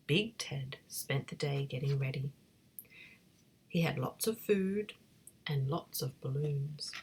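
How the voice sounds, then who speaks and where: A woman reading a bedtime story in a soft, breathy whisper. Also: sits low, lively intonation, measured pace.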